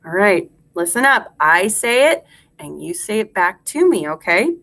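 A woman teaches phonics to young children in a sing-song voice. She talks slowly and stretches out each sound, and her pitch rises and falls a great deal. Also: very animated, pushed and bright.

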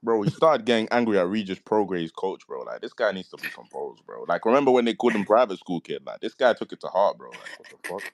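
A man in casual chat, animated and ending nearly every phrase with "bro". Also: deep voice, quick pace, hardly any pauses, no echo. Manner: animated, peppers speech with "bro". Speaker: participant in the audio chat.

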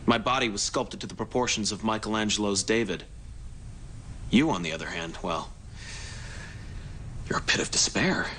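A man's voice: lowish voice, moderate pace, pauses often, bright, forceful tone, slight background noise. An actor playing a vain, self-admiring young man who talks in a boastful, theatrical way. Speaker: sitcom character. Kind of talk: sitcom acting.

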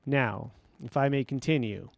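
Formal lawyer reading a will, slow and exact, gravelly tone, voiced by a male narrator. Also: medium pitch, no echo, lightly acted. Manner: slow, measured, deliberate reading.

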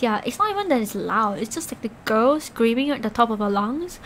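A woman's voice: on the high side, expressive, fairly quick, few pauses, a little hiss or hum. A woman streamer talking casually with her chat, rambling with lots of filler words and laughs.

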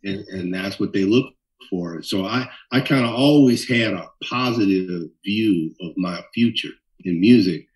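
A middle-aged man from Minnesota, a bassist telling stories in an interview with lively animation. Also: unhurried, recorded from a distance, rough recording. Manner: animated storyteller, acts out voices in quotes. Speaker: bassist guest. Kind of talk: storytelling interview.

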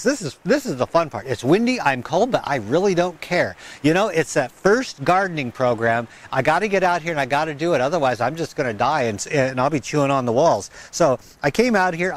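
A man hosting a gardening vlog in a windy garden, rambling and chatty, laughing at himself. He talks into a wireless mic with a fuzzy windscreen. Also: on the high side. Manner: sing-song baby talk to his dog. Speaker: gardening channel host. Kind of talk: casual outdoor vlog.

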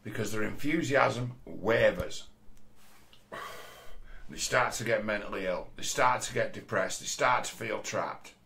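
Gravelly, blunt man. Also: fairly low pitch, a little slow, sharp tone. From Rochdale, England. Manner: blunt, ranting, sweary. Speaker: commentator. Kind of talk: casual monologue.

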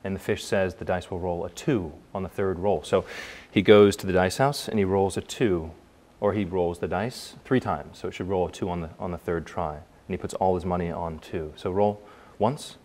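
A man, a magician, telling a story while doing a trick, in a halting way with frequent restarts. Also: sits low, a little mellow.

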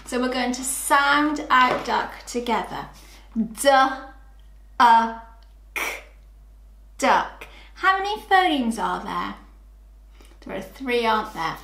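Woman, phonics teacher, higher voice, very slow, echoey room. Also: fairly bright tone. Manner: slow, sing-song, clearly sounds out letters. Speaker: early years phonics teacher. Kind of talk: children's phonics lesson.

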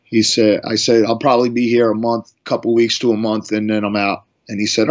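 A man's voice: fairly low pitch, level tone, brisk. A middle-aged man from Long Island, a guest musician telling stories in a casual interview, rambling with many restarts and fillers. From Long Island, New York. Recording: slightly muffled audio.

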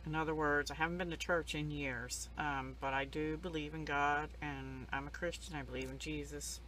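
A woman's voice: sits low, steady tone, moderate pace, a little hiss or hum. A woman, older, casually showing off craft supplies she got in the mail, rambling and gushing, emotional and close to tears at times. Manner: rambling, soft-spoken, emotional, near tears. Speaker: crafting vlogger. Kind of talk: casual show-and-tell.

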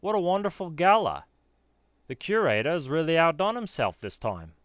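A man's voice: a little high, sing-song, normal speed, dry recording, clean studio sound, voice pushed up. A man voicing a chatty, scheming male party guest in a put-on Australian accent, with an exaggerated sing-song delivery. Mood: pompous.

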